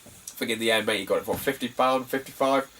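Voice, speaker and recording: A young British man who vlogs about collecting retro games chats casually about his finds, rambling and laughing often. His medium-pitched voice is a bit bright, he talks fast, and the mic sounds distant.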